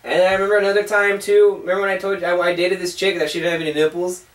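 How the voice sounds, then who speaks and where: A man's voice: sits high, level tone, very fast, distant mic, slight background noise. A young man telling crude stories in a casual chat, acting out the quotes in his tales. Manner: crude, rambling, acts out quotes. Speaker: co-host. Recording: echoey room, voice from off-mic.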